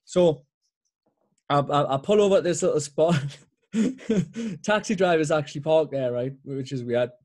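Geordie man, young adult, fairly high voice, crude anecdotes, casual podcast chat. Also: measured pace, darkish tone. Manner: crude, laughing storyteller. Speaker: podcast co-host.

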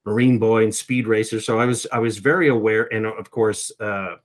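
A man's voice: on the low side, fairly even intonation, moderate pace. A middle-aged man, a voice actor, giving reflective interview answers and often repeating words as he starts a thought. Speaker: voice actor guest.

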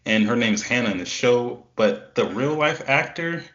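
A man's voice: mid-range voice, lively intonation, normal speed, fairly bright tone. A man co-hosting a casual podcast chat about a TV series, often stumbling and restarting his sentences. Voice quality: hesitant, stammering restarts. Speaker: podcast co-host. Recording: roomy, dull lo-fi sound.

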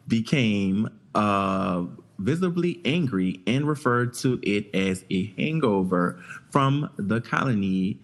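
A man co-hosting a casual podcast, reading a news story aloud haltingly with stumbles and restarts. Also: fairly low pitch. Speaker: podcast co-host.

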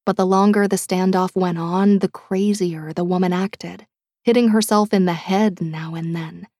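A woman reading an audiobook in a measured, dramatic way, dropping to a hush at tense moments. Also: fairly low pitch, no echo, studio quality. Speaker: audiobook narrator. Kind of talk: scripted audiobook narration.

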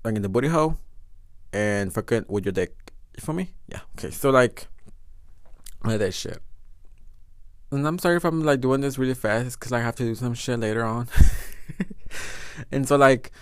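A man's voice: medium pitch, moderate pace, pauses often, no room sound, clean studio sound. A young man telling a story on his podcast, rambling and swearing a lot, slipping into phrases. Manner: profane, rambling, switches into Spanish phrases. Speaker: podcast host. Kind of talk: casual storytelling monologue.

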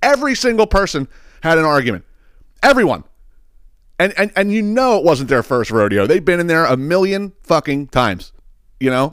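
A man's voice: fairly high pitch, sing-song, moderate pace, a bit bright, smooth, no room sound, studio quality. A man hosting a podcast, telling a story as a profane, exasperated rant that rambles and repeats words. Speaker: podcast host.

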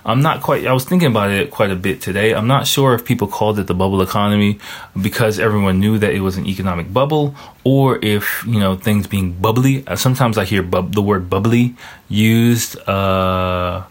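Very low-voiced man rambling and swearing. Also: fairly quick. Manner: rambling, heavy swearing, thinking aloud; stops to search charts online while talking. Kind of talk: casual monologue.

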